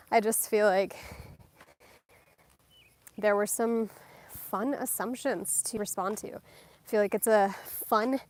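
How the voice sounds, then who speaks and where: A woman's voice: medium pitch, steady tone, slow, pauses often. A young woman chatting casually while walking her dog outdoors, a little out of breath, filming on her phone. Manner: chatty, distracted, laughing often, slightly out of breath. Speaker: lifestyle vlogger. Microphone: handheld phone.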